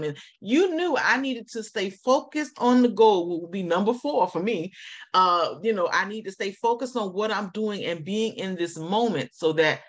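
A woman hosting a faith interview, asking questions and reflecting in an animated way. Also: medium pitch. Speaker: host. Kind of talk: faith talk show interview.

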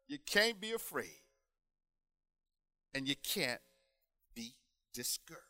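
A man preaching a sermon in a rhythmic style, building to loud, shouted emphasis and then dropping to quiet, drawn-out phrases. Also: medium pitch, big pitch swings, no room sound.

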